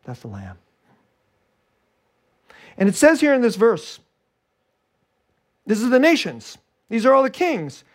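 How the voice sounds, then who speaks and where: Animated preacher swinging loud to hushed. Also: slow, pauses often. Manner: animated, swinging from loud high emphasis to hushed low delivery; repeats and restarts phrases, chuckles between points. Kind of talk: sermon.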